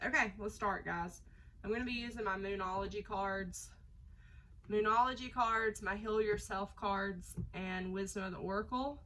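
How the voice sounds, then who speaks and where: A woman's voice: mid-range voice, normal speed, bright, forceful tone, slight background noise, low-quality recording. A woman doing a casual tarot reading, her voice nasal from a cold, chatty and rambling with lots of fillers. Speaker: tarot reader.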